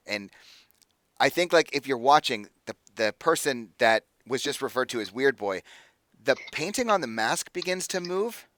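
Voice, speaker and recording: A man narrates a tabletop game as game master, loose and rambling with fillers. His voice is bright. The sound is dry and close. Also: mid-range voice, animated, normal speed, no room sound.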